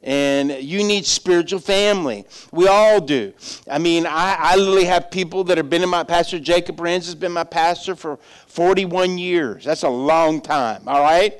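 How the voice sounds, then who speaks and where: A man's voice: on the high side, normal speed, smooth. A middle-aged male pastor preaching a sermon in a loose, conversational way, telling stories and acting out the voices in them. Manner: conversational storytelling preacher, acts out voices in anecdotes.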